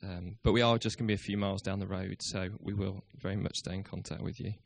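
A man's voice: low-pitched, fairly even intonation, quick pace, gravelly. A man in his thirties, a youth worker, giving a hesitant, self-deprecating farewell speech in church with many ums.

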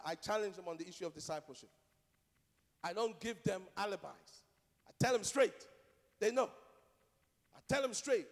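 A man's voice: high-pitched, long reverb tail. A male pastor preaching a sermon, emphatic and direct, repeating key phrases and asking rhetorical questions.

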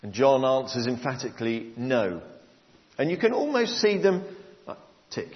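A man preaching a sermon, explaining a Bible passage to his congregation in a measured way. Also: medium pitch, big pitch swings. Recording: long hall reverb, dull lo-fi sound.

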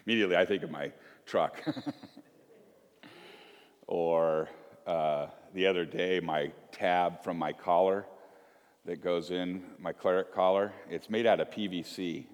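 A man's voice: low-pitched, fairly even intonation, slow pace, long pauses. Man preaching in a reverberant church. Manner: conversational, self-deprecating storytelling with frequent restarts. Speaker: pastor. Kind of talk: sermon. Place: church sanctuary. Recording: long reverb of a church sanctuary.

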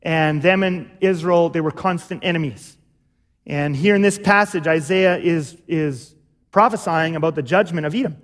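A man's voice: fairly high pitch, normal speed, big-room sound. A male pastor preaching a sermon, explaining step by step and often checking in with "okay?". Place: church.

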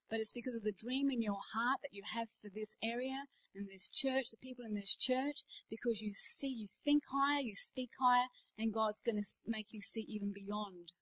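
A middle-aged Australian woman delivers a sermon in a church, her voice sitting a little high. She preaches with emphasis and drops into everyday anecdotes as she goes. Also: a bit bright, rough recording. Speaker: guest preacher.

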